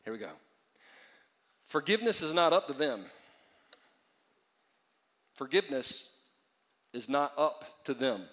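A man preaching a sermon in a church auditorium, repeating phrases for emphasis and swinging between loud stretches and hushed ones. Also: a little high, very animated, unhurried, pauses often, long reverb tail. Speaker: pastor.

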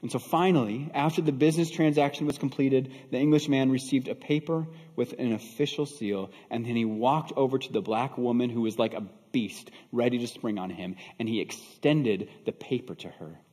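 A man's voice: mid-range voice, normal speed, few pauses, a little mellow, long reverb tail. A man preaching a sermon, moving from storytelling into fervent preaching with rhetorical questions. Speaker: pastor.

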